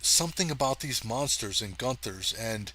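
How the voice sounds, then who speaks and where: A man narrating a science fiction story aloud with lively drama, now and then turning to chat casually with his listeners. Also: mid-range voice, moderate pace. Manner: lively, chatty, talks to listeners directly. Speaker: audiobook reader.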